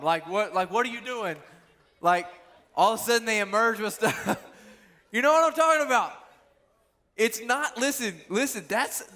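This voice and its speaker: A young man giving a casual, animated youth sermon, telling stories and asking the listeners questions. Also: sits high. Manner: animated storytelling, talks straight to the crowd. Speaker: youth pastor.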